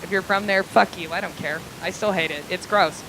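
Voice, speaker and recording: A woman's voice: fairly low pitch, brisk, sharp tone, slight background noise, poor audio. A woman stand-up comedian telling crude, rambling stories with lots of fillers, recorded live in a small comedy club.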